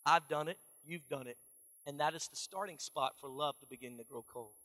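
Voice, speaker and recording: A pastor from Texas, preaching an animated, folksy sermon in a church. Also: male voice, fairly high pitch, a little fast, in a large hall. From Dallas, Texas.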